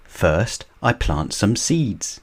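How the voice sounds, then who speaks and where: A kindly old grandfather pig, as a man reads him, explaining things patiently in a low, deep voice. He talks slowly and steadily, storybook style. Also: big pitch swings, husky, heavily acted.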